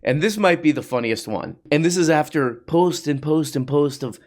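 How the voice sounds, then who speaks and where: A man's voice: on the high side, lively intonation, moderate pace, few pauses, darkish tone. A man hosting a comedy podcast, riffing mockingly on social media posts with sarcastic asides. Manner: mocking, with sarcastic put-on voices. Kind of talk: riffing commentary.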